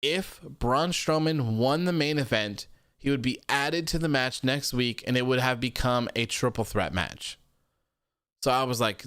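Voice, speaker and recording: A man's voice: mid-range voice, measured pace, fairly bright tone, clear, resonant tone, no room sound. A man hosting a live stream, talking bluntly and opinionatedly into a studio microphone and reading viewer comments aloud. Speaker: host of a wrestling show. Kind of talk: live-stream casual chat.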